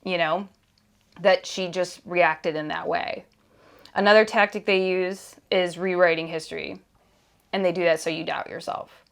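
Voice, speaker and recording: A woman's voice: on the low side, steady tone, unhurried. A woman hosting a personal podcast, speaking candidly and conversationally, with restarts and an emphatic, exasperated edge in places. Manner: candid, earnest, conversational with frequent fillers and restarts. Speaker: podcast host.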